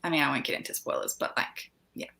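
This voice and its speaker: A woman's voice: fast, crowd noise. A young Australian woman chatting casually as a guest on a live book-club stream, saying "like" often. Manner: chatty, lively, says "like" often.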